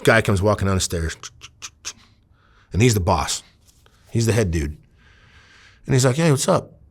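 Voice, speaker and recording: A man's voice: lowish voice, expressive, a little slow, husky. A man from Iowa, a former undercover officer, telling stories casually in an interview, rambling with many fillers and acting out quoted dialogue. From Iowa, USA.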